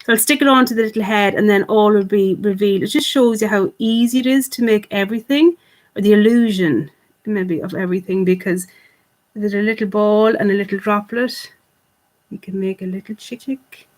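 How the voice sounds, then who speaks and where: A woman's voice: medium pitch, brisk, a little mellow. A woman teaching children clay modelling online, chatty and encouraging, talking to the camera as if the kids were there. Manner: fond of cute words like "little". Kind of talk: online craft lesson for children.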